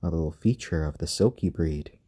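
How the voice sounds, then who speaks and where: A man hosting a casual live stream at home, gently chatting to viewers and talking softly and fondly to his baby chickens. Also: very deep voice, moderate pace, breathy edge.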